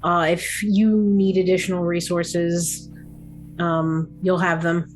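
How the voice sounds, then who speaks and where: Slow, lower-voiced woman player, hesitant, soft guitar behind. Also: little pitch movement, rough recording. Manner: hesitant, many fillers. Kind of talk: in-character role-play.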